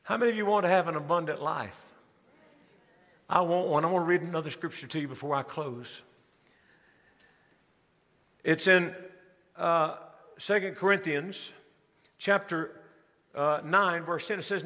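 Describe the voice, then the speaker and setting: A man preaching a sermon in a large church, his voice high and bright. He swings between quick bursts and slow, drawn-out stressed words. The sound carries a long hall reverb. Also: expressive. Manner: preaching with rising emphasis and slowed, stressed phrases. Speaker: pastor.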